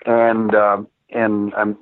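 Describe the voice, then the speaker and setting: A man's voice: lowish voice, monotone, takes it slowly, no echo. An older man, a former cop turned private investigator, calling in to tell stories in a rambling way with many fillers and restarts. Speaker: phone-in guest. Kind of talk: casual storytelling. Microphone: telephone. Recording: tinny dry phone line.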